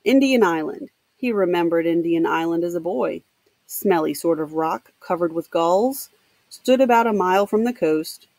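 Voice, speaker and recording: A woman teacher reading a novel aloud for her students, pausing to explain with casual asides. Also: lowish voice, darkish tone, no room sound. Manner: pauses to explain to students, with fillers. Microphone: home computer mic.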